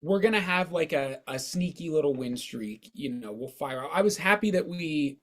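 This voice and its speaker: Hoarse man in opinionated sports chat. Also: on the high side, animated, normal speed. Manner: opinionated, rambling with restarts. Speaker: podcast co-host.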